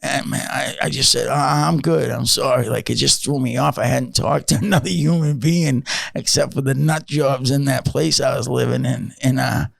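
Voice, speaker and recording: A man's voice: medium pitch, fairly even intonation, normal speed, vocal fry, hardly any pauses, dry recording. A man in his fifties, a podcast guest, telling his story in a rambling, casual way with many fillers and blunt swearing.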